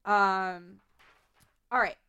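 A woman's voice: mid-range voice, steady tone, very slow, pushed and bright, smooth, no room sound. A woman hosting a casual podcast, giving practical cleaning tips in a chatty way with frequent laughs.

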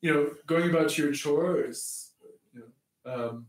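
A podcast host who grew up in Canada speaks slowly in a fairly high voice during a casual faith chat. He wanders from point to point, chuckling frequently and restarting sentences. The audio is echoey, with the mic placed far off.

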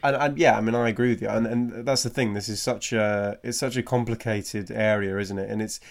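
A man in casual chat about comedy, talking fast with frequent laughs and restarts. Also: fairly low pitch, steady tone, vocal fry. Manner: chatty, laughs often, restarts a lot. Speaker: podcast co-host.

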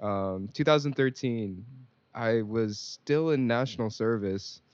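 A man's voice: mid-range voice, measured pace, darkish tone, no room sound. A man hosting a casual podcast chat, laid-back and rambling with many fillers, from Singapore. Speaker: podcast host. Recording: dry, dull lo-fi audio.

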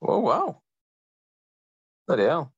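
A man's voice: a little high, huge pitch swings, takes it slowly, breathy edge, dry recording, lo-fi sound. A man co-hosting a podcast, chiming in with short reactions and laughing asides. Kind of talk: casual chat.

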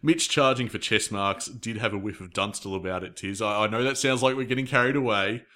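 An Australian man co-hosting a podcast in casual chat, excitable and quick to laugh. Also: lowish voice. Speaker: podcast co-host.

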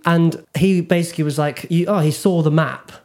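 A man's voice: on the high side, normal speed, darkish tone. Young British man rambling through stories. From Britain. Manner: rambling storyteller with many fillers and restarts. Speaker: podcast host. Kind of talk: casual chat.

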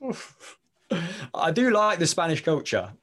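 A man's voice: mid-range voice, moderate pace. A young English man with a London or Leicester accent, talking as a podcast guest in a rambling, self-interrupting, jokey way. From England. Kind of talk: casual interview chat.

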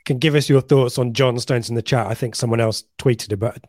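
A man's voice: mid-range voice, fairly even intonation, brisk, a little mellow, no room sound, clean studio sound. A man co-hosting a live podcast, chatting casually and reading out listener messages. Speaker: podcast co-host.

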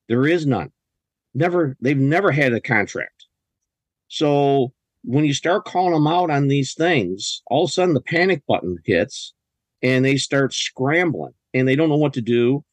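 A man's voice: medium pitch, lively intonation, normal speed, dry recording. A man talking as a podcast guest, telling stories in an emphatic, indignant way with many restarts. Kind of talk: casual conversational storytelling. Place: lives in a US state.

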